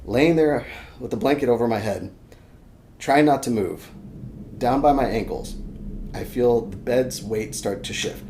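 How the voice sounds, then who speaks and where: A young adult man, a podcast guest, telling a story in casual chat, animated and swearing freely, acting out his own shouts. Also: mid-range voice, unhurried, pauses often. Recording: echoey room, faint background noise.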